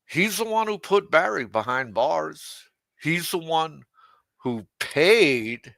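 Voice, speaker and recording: A man hosts a livestream in a slow, unhurried drawl, heaping crude mockery on his targets and chuckling at his own jabs. His voice is gravelly and edged with a sharp, tense brightness, recorded close and dry. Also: a little high, lively intonation, no room sound. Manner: crude, mocking, laughs at his own jokes. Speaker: livestream host. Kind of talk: unscripted livestream rant.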